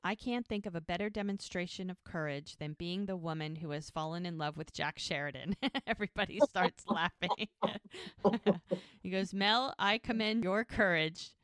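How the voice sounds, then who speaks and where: A woman's voice: on the low side, clean tone, dry recording, studio quality. A woman co-hosting a podcast, casually retelling a show's scenes and acting out the quoted lines. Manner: lively storyteller who voices quoted lines. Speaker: podcast co-host recapping episodes.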